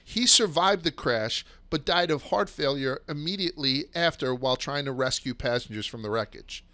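Excitable, swearing male storyteller, bright voice. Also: fairly high pitch. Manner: rushes and restarts when excited. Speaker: podcast host. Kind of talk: casual storytelling chat.

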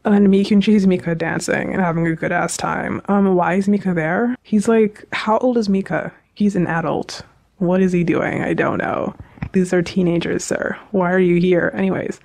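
A woman chatting casually as a video reviewer, recapping an episode in a gushing, animated fan manner. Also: lowish voice, moderate pace, gravelly.

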